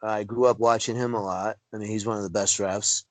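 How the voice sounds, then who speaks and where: A man's voice: a little fast, no room sound, poor audio. A man, a wrestling referee, telling stories in a casual interview over a video call and acting out quotes with big jumps in his voice. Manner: animated storyteller, acts out quotes with big pitch jumps.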